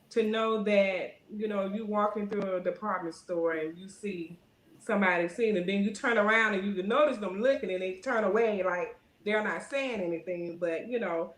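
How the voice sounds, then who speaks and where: Woman, rambling, roomy call. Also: medium pitch. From Alabama. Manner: rambling, frequent "you know" fillers; animated when telling stories. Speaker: guest. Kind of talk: casual interview chat.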